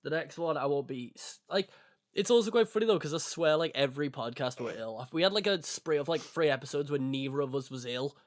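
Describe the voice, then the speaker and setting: A man's voice: fairly high pitch, a little fast. Congested young man, casual podcast chat. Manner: joking, animated storytelling. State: congested from illness. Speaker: podcast co-host.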